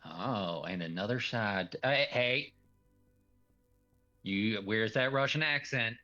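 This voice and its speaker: Man, game master, very low voice, rambling and loose, dull lo-fi mic. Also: slow, pushed and bright, faint music behind. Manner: loose, rambling, laughs often. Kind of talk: narrating and voicing a tabletop role-play.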